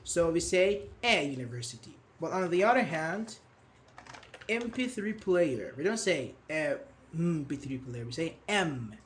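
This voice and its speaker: A fairly high-voiced man teaches an online grammar class and patiently walks his students through examples. He praises their answers as he goes, with a faint hiss of noise behind him. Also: sing-song, a little slow. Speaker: English teacher.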